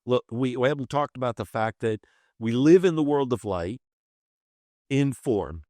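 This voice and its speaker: A man's voice: medium pitch, expressive, moderate pace, warm tone, no room sound. Man, a storytelling coach, dry sound. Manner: storytelling, explains with examples and casual asides. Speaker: guest author and life coach. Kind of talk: conversational podcast interview.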